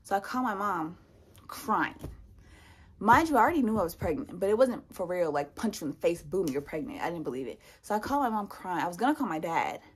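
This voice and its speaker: Breathy young woman telling a storytime. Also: fairly low pitch, brisk. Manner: animated, acts out other people's lines. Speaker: vlogger. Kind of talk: storytime vlog.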